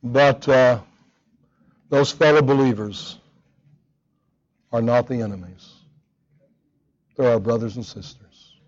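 A man's voice: mid-range voice, slow, long pauses, lo-fi sound. A man preaching a sermon, earnest and emphatic, often repeating words as he drives a point home. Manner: earnest, emphatic, with frequent repetitions.

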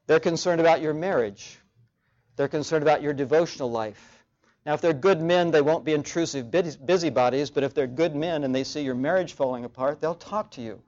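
Lo-fi recording of a measured male preacher. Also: on the high side, darkish tone. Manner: measured, repeats key phrases for emphasis. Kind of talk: sermon. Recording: dull lo-fi recording.

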